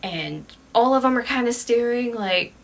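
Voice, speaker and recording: Female storyteller, somewhat high voice, casual chatty ghost-story narration with hushed asides. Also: lively intonation, normal speed.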